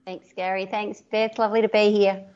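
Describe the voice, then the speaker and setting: An Australian woman, a guest embroidery artist, telling a story in an animated way, laughing often and acting out what people said. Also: medium pitch, brisk, muffled recording. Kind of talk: podcast interview storytelling.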